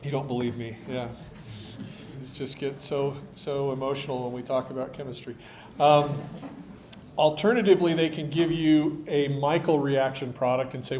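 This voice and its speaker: A man lectures a university chemistry class, explaining things with dry jokes in a tired voice and coughing now and then. His voice is medium-pitched, steady and darkish, at a normal speed.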